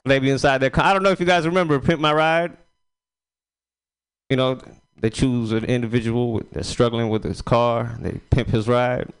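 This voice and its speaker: A man's voice: medium pitch, fairly even intonation, normal speed, smooth. A man doing a loose, rambling stand-up set full of crude punchlines. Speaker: stand-up comedian.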